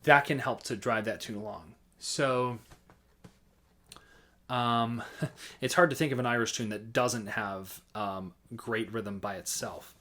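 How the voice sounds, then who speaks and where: A man teaching accompaniment rhythms in a casual, halting way, often singing rhythm patterns in nonsense syllables. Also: on the low side. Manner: relaxed, halting, vocalizes rhythms with scat syllables. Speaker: music teacher. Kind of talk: casual instructional talk.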